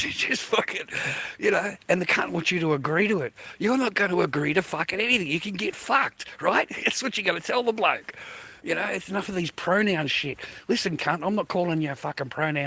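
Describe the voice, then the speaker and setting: Australian male streamer, slightly high voice, blunt foul-mouthed rant. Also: a bit bright, breathy edge. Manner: blunt, heavy swearing, grumbling. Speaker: livestreamer. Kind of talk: profane casual rant.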